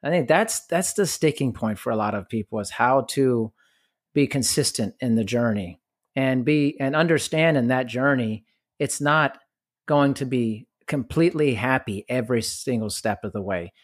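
A man's voice: medium pitch, moderate pace, no room sound. Reflective man hosting a podcast, dry sound. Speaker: podcast host. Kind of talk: casual podcast conversation.

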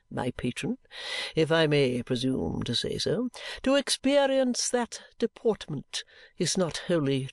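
Pompous old dandy, theatrical and self-pitying, slow delivery, dry close mic; a reader puts him on. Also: medium pitch, dry recording. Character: pompous elderly gentleman, vain model of deportment. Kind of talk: audiobook character reading.

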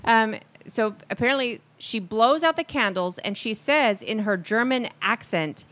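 A woman's voice: fairly high pitch, animated, a little slow, fairly bright tone. A woman co-hosting a casual talk show, chatty as she reads out news items. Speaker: co-host.

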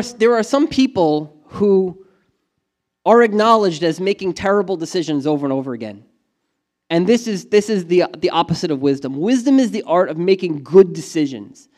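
A male pastor preaching a sermon in a casual, humorous way, acting out the voices of doubting listeners. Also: sits high. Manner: lively, animated preaching with acted-out voices of doubters.

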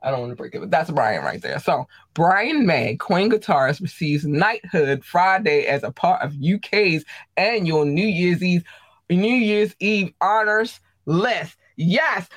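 A host of a live streamed show, chatting casually with viewers, excitable and gushing, tripping over words. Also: mid-range voice, unhurried, dry recording. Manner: addresses viewers directly, chatty.

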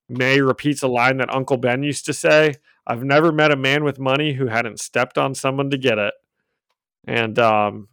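Man, casual comics chat, smooth clear voice, dry close mic, laughs often. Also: medium pitch, fairly bright tone, dry recording. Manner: chatty, laughs often, acts out quotes. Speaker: podcast co-host recapping comics. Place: home room with a cat. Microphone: own desk microphone.

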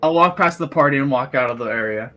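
A man's voice: medium pitch, fast, over a noisy crowd. A young man playing a tabletop game, theatrically describing his character's actions. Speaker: player.

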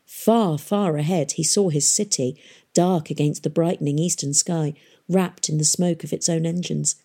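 Audiobook narrator: woman, low, husky, mellow, measured delivery. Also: fairly even intonation. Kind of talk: scripted narration.

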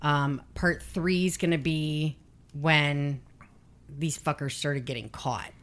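A woman co-hosting a podcast in a casual, blunt way, swearing freely and getting animated when she retells things. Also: sits low, slow pace. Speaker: podcast co-host. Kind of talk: casual chat.

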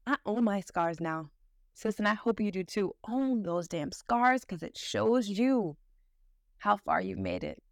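A woman's voice: medium pitch, expressive, a little slow, creaky, no echo. Encouraging sisterly woman podcaster, dry sound. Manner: sisterly, encouraging, slangy and emphatic. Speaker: podcast host. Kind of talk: motivational podcast monologue.

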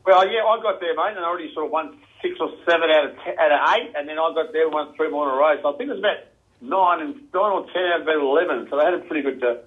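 Guest: fast-talking Australian man with a slightly high voice, chatty, says "mate" a lot, tinny phone sound. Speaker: guest, former football coach. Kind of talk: casual chat.

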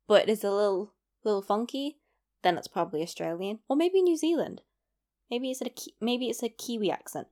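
A young British woman talks casually to her viewers in a chatty, reflective way. Her pitch sits in an ordinary middle range for a woman. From Britain. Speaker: vlogger. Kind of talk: casual chat to camera.

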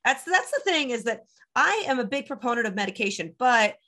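A woman hosting a podcast, chatty and high energy, who laughs often in casual conversation. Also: very animated, fairly quick, bright, forceful tone. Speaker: podcast host.

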